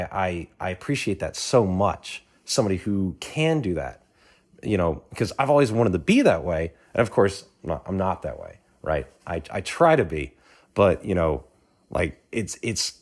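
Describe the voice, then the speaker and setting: A man's voice: fairly low pitch, a little mellow. A man in the audience speaking earnestly and at length, rambling with many restarts and fillers. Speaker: audience member. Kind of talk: earnest spoken testimony.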